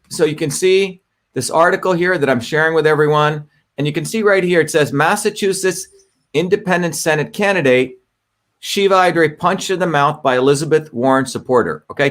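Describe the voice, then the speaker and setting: This middle-aged host's voice is a bit high and fairly bright as he gives casual livestream commentary on a clip. He talks a lot and keeps tossing "okay?" to his viewers.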